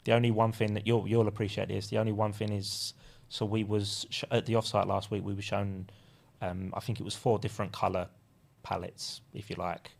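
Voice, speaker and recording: A man, a relaxed interview guest who laughs often and hesitates with ums. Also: fairly low pitch, fairly quick, vocal fry, few pauses. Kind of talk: casual interview.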